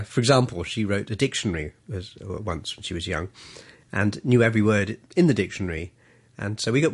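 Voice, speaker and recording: Interview guest: middle-aged man with a low, gravelly, husky voice who tells wry, self-mocking anecdotes and laughs often. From grew up in Malaysia and London. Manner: humorous, self-deprecating anecdotes with frequent laughs. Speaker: interview guest, journalist and author. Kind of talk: casual storytelling interview.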